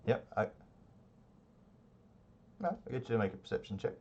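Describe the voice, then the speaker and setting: A man narrating a tabletop game as game master, in a relaxed, rambling way with many fillers. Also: mid-range voice, moderate pace, highs cut off.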